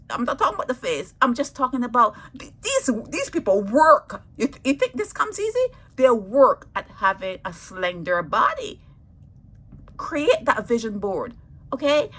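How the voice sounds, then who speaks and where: A woman vlogger delivering an impassioned monologue to her viewers, preachy and emphatic, repeating her points and swinging between loud stresses and hushed asides. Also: mid-range voice, husky, low-quality recording.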